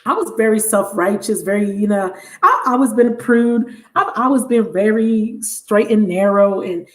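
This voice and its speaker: A woman hosting a live tarot reading stream, telling a story in a casual, animated and blunt way. She laughs often and swears freely. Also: mid-range voice, moderate pace. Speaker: tarot reader livestream host. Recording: roomy echo.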